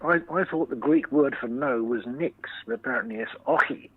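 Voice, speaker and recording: A man's voice: mid-range voice, very animated, moderate pace, creaky, phone-quality sound. A man chatting as a guest on a comic show, giving dry, chuckling replies. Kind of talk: casual chat.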